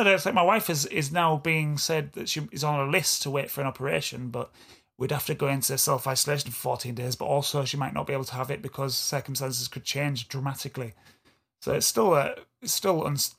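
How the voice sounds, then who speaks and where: A man's voice: mid-range voice, fairly even intonation, a little fast, gravelly, fairly bright tone, breathy edge. A man with an East Yorkshire accent, co-hosting a podcast in a rambling, self-deprecating casual chat. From England. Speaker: podcast co-host.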